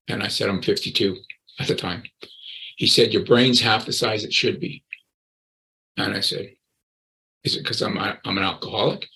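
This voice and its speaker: Gravelly, forceful man in his sixties. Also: fairly low pitch, low-quality recording. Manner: earnest, repeats words and phrases. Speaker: guest, recovery coach. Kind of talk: personal storytelling interview.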